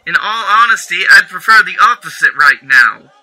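A man's voice: high voice, big pitch swings, normal speed, pushed and bright, rough recording. A man acting in an audio drama, angry, clipped and stern.

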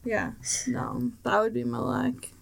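A woman's voice: on the high side, a little slow, vocal fry. A woman co-hosting a paranormal podcast, chatting casually and acting out voices as she tells stories. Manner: animated, acts out voices when retelling. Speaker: podcast co-host. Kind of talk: casual chat.

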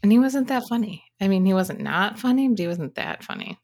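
A woman's voice: mid-range voice, very animated, brisk, a little mellow. A woman in casual podcast chat, making dry, teasing remarks.

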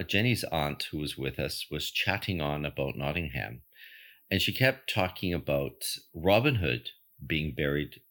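An older man with a bass voice and a fairly bright tone hosts a spiritual podcast. A medium as well as host, he tells a personal story in an earnest, emphatic, reflective monologue.

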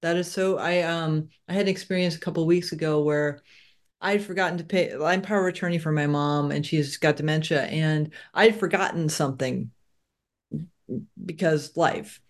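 A woman's voice: low voice, moderate pace. Reflective woman podcast host. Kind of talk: spiritual interview talk.

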